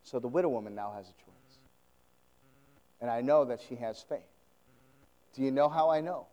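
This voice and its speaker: A man's voice: mid-range voice, moderate pace, big-room sound, muffled recording. A man preaching a sermon, retelling a story with lots of laughter and acted-out voices. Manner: animated, laughing often, acting out scenes.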